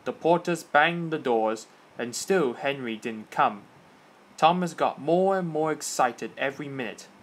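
A man's voice: medium pitch, lively intonation, measured pace, poor audio. A man reading a children's railway story aloud as the narrator.

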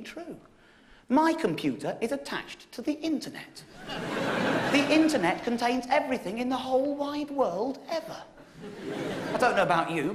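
Animated English comedian telling a story. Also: male voice, a little hiss or hum. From England. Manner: animated, wry storytelling with sudden high emphatic peaks. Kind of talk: stand-up storytelling show. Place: theatre stage with audience laughter.

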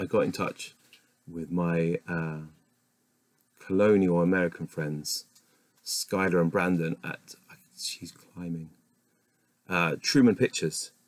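A man reading dictionary entries aloud one after another, stopping now and then to mutter doubts about how a word is said. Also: low-pitched. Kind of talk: reading a word list aloud with casual asides.

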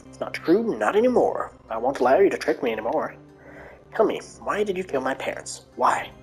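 A woman's voice: a bass voice, sing-song, a little fast, a little mellow, faint music behind. A woman voicing a frightened young girl who speaks in an anxious, pleading manner. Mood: defiant.

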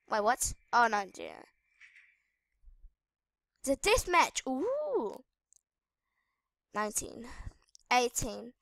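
Female gaming host, very high and unhurried voice, excitable and shrieky while narrating play to viewers. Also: no echo. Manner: excitable, squealing and shrieking at in-game danger; chatty asides to viewers. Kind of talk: live gameplay commentary.

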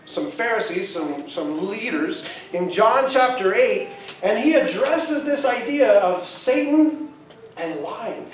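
A male pastor with a high voice delivers a sermon in a church sanctuary, speaking conversationally and putting questions to the congregation. The echoey hall is captured by a distant mic.

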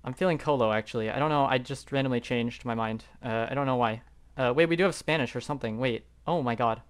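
A young man talks through a geography guessing game at his desk mic, his voice sitting at an ordinary middle pitch. He rambles and second-guesses himself, trailing into fillers as he thinks aloud. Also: fast talker, smooth. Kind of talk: live gameplay commentary.

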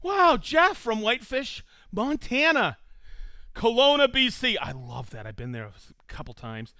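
A man with a very high-pitched, sharp, sing-song voice hosts a casual live stream at a measured pace, recorded dry. He's upbeat and jokey, reading out viewers' locations and joking around with his crew.

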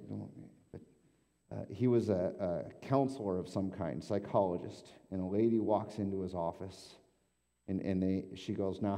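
A male pastor with a low, warm voice preaches a casual, conversational sermon in a church sanctuary, frequently repeating words while he thinks. The recording has the long reverb of a church hall.

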